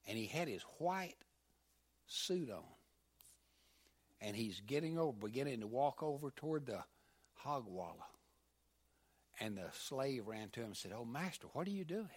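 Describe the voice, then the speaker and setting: Slow, halting male preacher. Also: mid-range voice, lively intonation. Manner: halting, with many fillers and restarts, voices the figures. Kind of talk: sermon storytelling.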